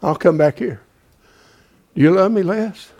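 A man preaching a folksy sermon, calling out to his congregation and swinging from loud to hushed. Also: sits high, measured pace.

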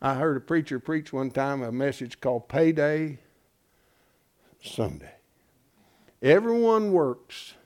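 A middle-aged man preaching a sermon, folksy and emphatic, dropping from loud declarations to hushed asides. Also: medium pitch, expressive, slow pace, pauses often.

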